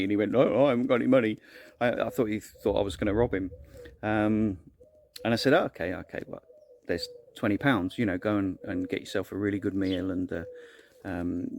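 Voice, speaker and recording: A man's voice: fairly low pitch, creaky, slight background noise. A man, telling a personal story in a casual vlog monologue, earnest and rambling, with many restarts. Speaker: vlogger.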